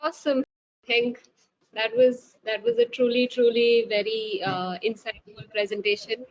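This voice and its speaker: A woman's voice: fairly high pitch, fairly even intonation, measured pace. Woman moderating a webinar, lo-fi call. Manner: filler-heavy, polite, repeats words. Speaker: webinar host. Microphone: video call. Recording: lo-fi web call with faint hiss.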